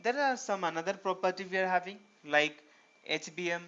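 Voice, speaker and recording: A man with a high-pitched, smooth, sharp-toned voice and lively intonation teaches programming fairly quickly. His screen-recorded tutorial lecture, on a dull lo-fi recording, goes step by step as he asks himself rhetorical questions.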